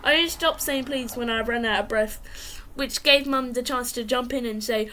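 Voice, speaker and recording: High-voiced woman reading a children's book. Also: normal speed, slight background noise. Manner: lively, expressive read-aloud. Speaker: reader.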